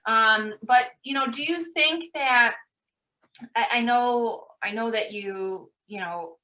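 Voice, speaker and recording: A woman interviewing a runner in a casual way, chatty and quick to giggle, often restarting her sentences. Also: a little high, pushed and bright.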